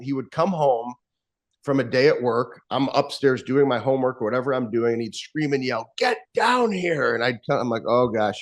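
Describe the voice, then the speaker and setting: A man telling a candid, reflective story from his teenage years in conversation. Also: medium pitch. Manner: candid, reflective, acts out quoted lines.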